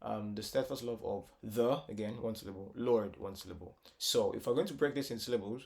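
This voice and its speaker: A man's voice: on the low side, a little fast, vocal fry, few pauses, a little mellow. A man teaching a casual music tutorial, explaining step by step with lots of repetition and filler words, sometimes singing short phrases. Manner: breaks into short sung phrases.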